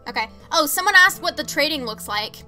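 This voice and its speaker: A young woman talks casually while streaming a game, reading out chat and laughing often. Her voice sits a little high and sounds bright and clear. Soft music plays behind her. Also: expressive, brisk. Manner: chatty, reads chat aloud, laughs often.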